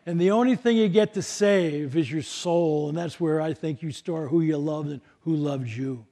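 Older man, workshop speaker, folksy stories, slightly high voice, lots of uh and restarts. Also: mellow. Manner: storytelling, folksy, many fillers and restarts. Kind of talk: live talk to an audience.

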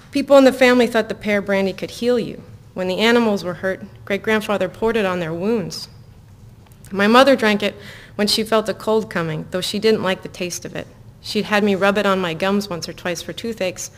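A woman author reading her own novel aloud to listeners in an even, measured way, breaking off into casual asides full of fillers. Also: medium pitch. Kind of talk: live book reading with chatty asides.

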